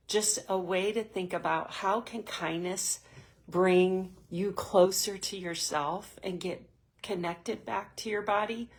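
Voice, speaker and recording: A woman's voice: lowish voice, creaky. A middle-aged woman hosting a heartfelt motivational talk for a women's group, speaking earnestly and sometimes near tears. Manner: earnest, heartfelt, emotional storytelling. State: tearful at moments. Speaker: host.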